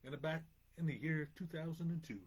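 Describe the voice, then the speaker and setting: A man's voice: on the high side, steady tone, a little fast, darkish tone. A man co-hosting a casual podcast, laid-back, reading viewer comments aloud. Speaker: podcast co-host. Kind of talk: casual chat.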